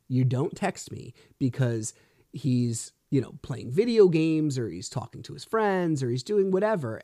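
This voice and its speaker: Profane mellow-voiced man in his thirties. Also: fairly high pitch, no room sound, studio quality. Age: 30s. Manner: blunt and profane, retelling events with heat. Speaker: podcast host. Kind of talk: casual solo storytelling monologue.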